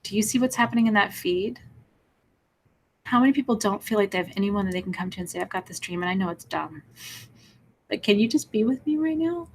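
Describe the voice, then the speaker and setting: A woman hosts a spiritual live stream in a mid-pitched voice, speaking tenderly and reassuringly to her viewers. She calls them out by name and talks with open, heartfelt emotion. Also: lively intonation, a little fast, long pauses, a little hiss or hum. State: teary at moments. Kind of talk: live-stream chat reading viewer comments.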